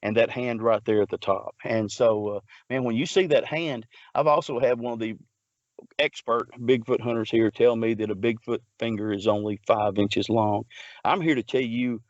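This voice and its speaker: A man's voice: medium pitch, moderate pace, no echo, highs cut off. A man, a Bigfoot researcher, telling a long story in a rambling way, full of restarts and filler words. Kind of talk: casual storytelling.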